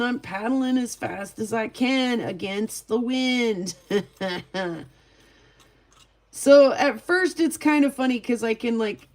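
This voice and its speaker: Chatty woman rambling through a story. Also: medium pitch. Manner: rambling, chatty, full of "like" fillers. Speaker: vlogger and rockhound. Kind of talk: casual storytelling.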